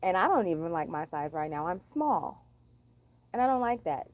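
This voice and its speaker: A woman's voice: on the low side, sing-song, normal speed, phone-quality sound. A young woman venting in a blunt, profane, sassy monologue for her vlog. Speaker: vlogger.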